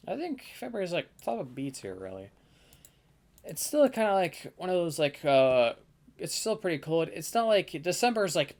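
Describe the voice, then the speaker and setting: A young man casually ranking the months of the year in a tier list, rambling and thinking aloud with lots of fillers. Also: mid-range voice. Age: young adult.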